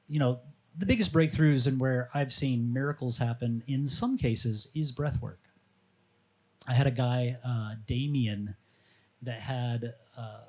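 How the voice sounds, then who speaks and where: A man speaking as a fasting coach on a live panel, telling stories in a casual, animated way and acting out the voices of people he quotes. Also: mid-range voice. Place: outdoor or open venue at a live panel.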